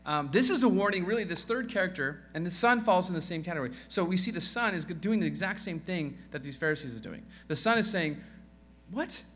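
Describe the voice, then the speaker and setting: Male pastor with a fairly high, bright voice, preaching casually with self-deprecating humor. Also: expressive, quick pace, hardly any pauses, a little hiss or hum. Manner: conversational, acts out quoted voices; self-deprecating joking asides. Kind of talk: sermon.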